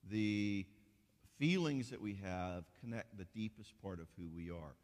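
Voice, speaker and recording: A man who works as a marriage counselor gives a casual, joking conference talk to couples, full of fillers and restarts. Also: on the low side. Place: church hall. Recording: echoey hall reverb.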